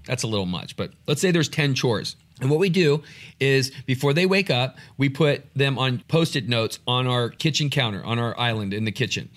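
A man co-hosting a podcast with his wife, telling family stories in a relaxed, easygoing way. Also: mid-range voice, moderate pace. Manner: relaxed storytelling with fillers. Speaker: podcast co-host. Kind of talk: casual chat with wife.

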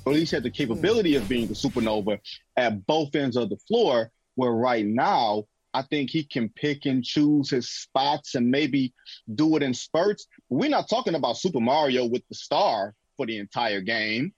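A man co-hosting a casual sports talk show, animated and telling stories with movie references. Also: medium pitch, normal speed, slightly rough, dry recording, soft background music.

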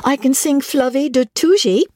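A woman's voice: on the high side, normal speed, darkish tone, no echo, pitched above the performer's own voice, lightly acted. A woman reading an audiobook, voicing a meek, eager young heiress who gushes breathlessly.

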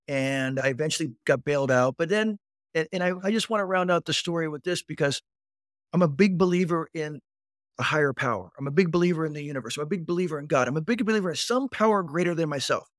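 A man in his fifties telling his life story as an interview guest, animated and addressing the host directly. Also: on the high side, dry recording, studio quality. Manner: animated storyteller who acts out quoted voices and keeps addressing the host. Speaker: guest recounting his recovery.

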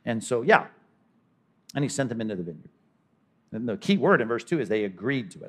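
Animated pastor, lively voice. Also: male voice, lowish voice, fast talker, long pauses, husky. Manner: animated, acts out characters in conversational asides. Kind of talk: expository sermon.

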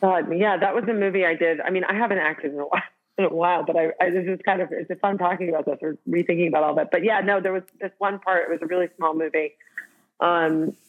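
A woman's voice: fairly low pitch, steady tone, quick pace. A woman with a Boston accent speaks as an interview guest. She chats loosely, stacking fillers and restarting her sentences. Her voice comes through a narrow, tinny call line. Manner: chatty, with many restarts and "like" fillers. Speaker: guest, actor and writer. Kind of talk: casual interview talk.

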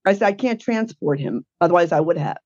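A woman's voice: fairly low pitch, lively intonation, fairly quick, darkish tone, husky, no room sound, highs cut off. A woman guest telling her caregiving story in a blunt, indignant way. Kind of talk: emotional personal account.

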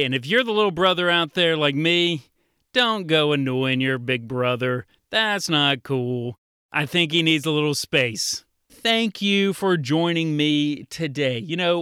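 A middle-aged man, a children's pastor, giving a lively storytelling devotional to kids and acting out the voices of children he quotes. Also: fairly high pitch, clean tone, no room sound, studio quality. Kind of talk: kids' devotional talk.

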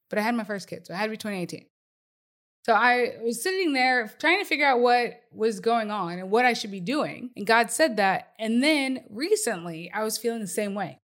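A woman in her thirties hosting a podcast, talking about faith in an animated, conversational way with lots of "like" and "right". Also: medium pitch. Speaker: podcast host. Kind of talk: casual faith talk.

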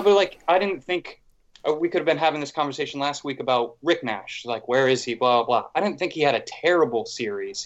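Man, podcast co-host, rambling casual chat, muffled lo-fi sound. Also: mid-range voice. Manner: rambling, filler-heavy, animated.

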